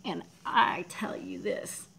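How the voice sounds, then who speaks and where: Soft-spoken, gravelly woman livestreaming. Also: mid-range voice, takes it slowly, noisy background. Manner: emotional, talks softly, drops to near whispers; reads out and thanks viewers in chat. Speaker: livestream host. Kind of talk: casual livestream chat.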